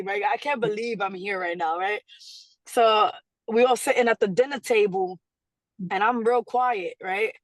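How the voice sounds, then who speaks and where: A woman being interviewed, telling a story in a casual, animated way, acting out quotes and laughing often. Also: medium pitch, moderate pace, no room sound. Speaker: guest artist.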